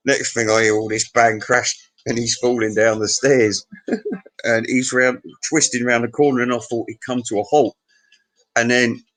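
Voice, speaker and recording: A man's voice: medium pitch, a bit bright, rough recording. Rambling Englishman telling crude pub stories. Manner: crude, meandering storytelling, chuckling at his own tale. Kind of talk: rambling pub anecdote monologue.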